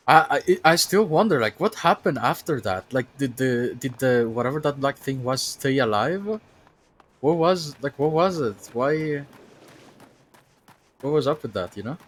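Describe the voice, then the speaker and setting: A man casually commenting on a video game as he streams it, thinking aloud and sometimes yelping with excitement. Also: mid-range voice, slight background noise. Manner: chatty, thinks aloud, bursts into excited yelps. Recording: game music playing behind.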